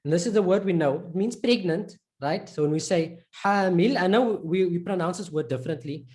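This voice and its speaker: A man from South Africa with a South African accent, teaching Arabic letters to a class and repeating each sound slowly. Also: high-pitched, a little mellow. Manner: slow, repeats sounds and words for students. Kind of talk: live online lesson.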